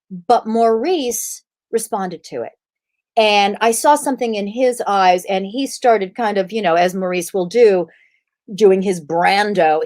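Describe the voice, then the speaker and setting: Woman guest, lively storyteller, slips into quoted voices, video-call interview. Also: medium pitch. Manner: animated, acts out quoted voices. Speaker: actress guest.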